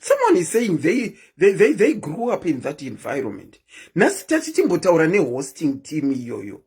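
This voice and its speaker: A woman's voice: low-pitched, wildly swooping pitch, moderate pace, a little mellow, breathy edge. A woman hosting a live stream, chatting casually and keeps asking her viewers questions.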